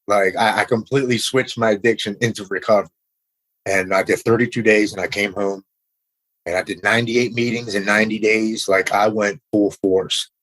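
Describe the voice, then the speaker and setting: Middle-aged guy with a lowish voice, podcast guest telling his recovery story straight, lots of "man" thrown in. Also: fairly even intonation, moderate pace, a bit bright, rough recording. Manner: candid, emotional storytelling, often says "man".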